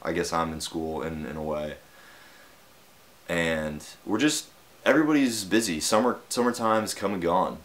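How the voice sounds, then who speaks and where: Deep-voiced young man telling a story casually. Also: normal speed, a little hiss or hum. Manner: rambling, filler-heavy, swears casually. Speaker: vlogger.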